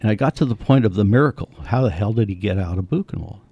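Gravelly older man telling a story. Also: on the low side, quick pace, no room sound, dull audio. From United States. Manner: animated, acts out quoted voices. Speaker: author telling his family's story. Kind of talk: conversational storytelling.

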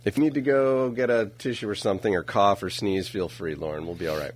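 A man's voice: fairly low pitch, quick pace, breathy edge, no echo. A man hosting a radio show, joking and laughing often as he chats casually with a guest in the studio. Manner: playful, jokey, laughs often. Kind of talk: casual radio interview chat.

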